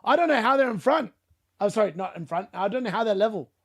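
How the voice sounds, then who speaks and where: A man with a high-pitched voice commentates live on a fantasy football stream. He talks in a chatty, excitable way, laughs often and corrects himself mid-sentence. The sound is dry and close, with no room around it. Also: quick pace, creaky, husky, dry recording. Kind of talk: live watch-along commentary.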